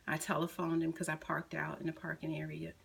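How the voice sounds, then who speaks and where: Low, husky middle-aged woman. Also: completely flat delivery, poor audio. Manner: slow, measured storytelling, quoting her son softly. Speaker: grieving mother. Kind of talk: personal testimony.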